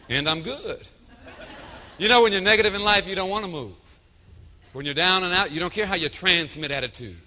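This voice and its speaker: A man delivering an emphatic, energetic motivational keynote with storytelling. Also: high-pitched. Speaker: motivational speaker.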